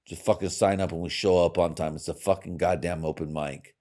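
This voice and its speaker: A man with a very deep voice rants through his own podcast. He swears constantly and wanders from point to point, his volume and pitch lurching up and back down. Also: fairly even intonation, fairly quick. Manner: crude, swearing, rambling; loud swings in volume and pitch. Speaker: podcast host. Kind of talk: profane rambling monologue.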